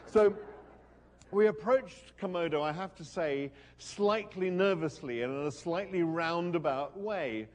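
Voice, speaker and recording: A man speaking at a university event, telling a story with dry humour and reading from his own text. He hesitates often and restarts his sentences. His voice sits a little high for a man. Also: unhurried. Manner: wry, hesitant, many ums and restarts. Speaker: guest speaker. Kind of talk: lecture with reading aloud.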